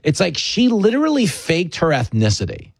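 A man's voice: high-pitched, huge pitch swings, normal speed, gravelly, slightly rough, no room sound. A man hosting a talk show, joking with a guest in loose comedic banter and laughing often. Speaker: radio host.

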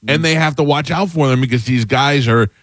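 A man telling crude jokes and stories in casual deadpan banter, as a podcast co-host. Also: medium pitch, brisk, no room sound. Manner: deadpan, jokey storyteller.

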